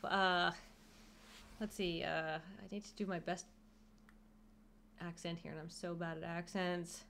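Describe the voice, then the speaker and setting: A woman co-hosting a stream aftershow in casual chat, with joking, quick asides. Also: on the low side, flat delivery, fairly bright tone, a little hiss or hum. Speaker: stream co-host.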